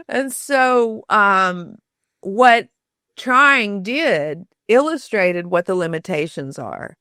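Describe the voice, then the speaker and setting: A woman guest on an interview podcast, answering thoughtfully, pausing on many fillers and restarts. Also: mid-range voice, lively intonation, bright, forceful tone, no room sound, studio quality. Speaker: podcast guest, storytelling author. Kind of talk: conversational interview.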